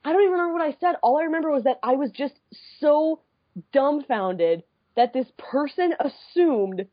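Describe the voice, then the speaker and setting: A woman in her twenties from the Midwest, co-hosting a podcast and telling a story in a casual, animated way with frequent swearing. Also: sits high, normal speed, no room sound, dull audio. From American Midwest. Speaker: podcast co-host.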